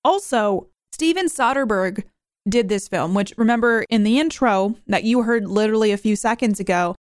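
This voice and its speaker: A woman's voice: medium pitch, normal speed, dry recording, studio quality. A young woman hosting a podcast, chatting casually and rambling as she reviews a movie. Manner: chatty, rambling, self-questioning. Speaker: podcast host.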